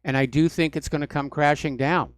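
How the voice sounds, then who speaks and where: Calm male radio host, somewhat high voice, measured delivery, dry sound. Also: clear, resonant tone, no room sound. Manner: measured, calming. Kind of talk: talk radio discussion.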